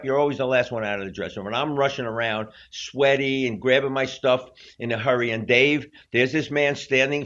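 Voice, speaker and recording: A man in his sixties, a drummer telling stories as an interview guest and acting out quotes as he goes. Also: medium pitch. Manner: animated storyteller acting out quotes. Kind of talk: storytelling interview. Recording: slightly dull lo-fi audio.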